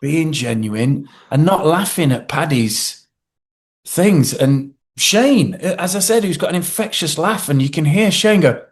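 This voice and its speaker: A man, a guest actor in a casual interview, telling animated stories and acting out quotes from others. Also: on the high side, measured pace. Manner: animated storyteller, acts out quotes with swearing.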